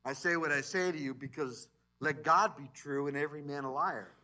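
A man preaching a sermon as pastor in a church, animated, swinging between loud emphasis and quiet asides. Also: fairly high pitch, a little fast. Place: church sanctuary.

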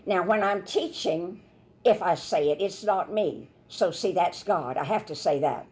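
A woman's voice: fairly low pitch, measured pace. A woman minister teaching a Bible lesson in a sermon, telling stories and acting out the voices of people she quotes. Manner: animated storytelling, acts out quoted voices.

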